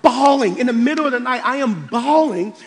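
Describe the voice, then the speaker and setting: A man with a high voice preaches a passionate sermon, one moment loud and driving, the next hushed and low. His voice rings out with a long reverb that trails behind every phrase. The delivery is personal and intense. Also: expressive, brisk. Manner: impassioned, swings between loud and quiet. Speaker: pastor. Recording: long reverb of a large hall.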